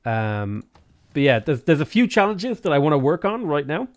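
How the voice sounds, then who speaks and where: A man's voice: a little high, very animated, normal speed. A man with a Dublin Irish accent giving chatty live gameplay commentary, swearing freely with bursts of exasperation. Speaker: game streamer.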